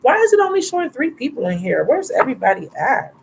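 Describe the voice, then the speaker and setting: A woman's voice: sits high, wildly swooping pitch, quick pace, creaky, very noisy. A woman hosting a live tarot reading stream in a casual, affectionate way, calling viewers baby and love.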